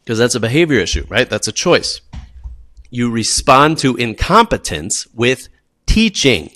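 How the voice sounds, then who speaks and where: A man who teaches PE, presenting classroom tips in an animated, emphatic way and often checking in with "okay?". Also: mid-range voice, unhurried, no echo, clean studio sound. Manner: animated, acts out students and teachers.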